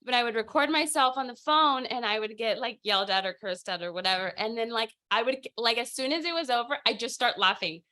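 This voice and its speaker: Energetic woman host on a video call, kinda high voice, dry close sound, says like and dude constantly. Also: brisk, few pauses, no echo. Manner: energetic and chatty, heavy use of "like" and "dude". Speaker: host of a weekly sales team call. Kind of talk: casual motivational talk on a video call.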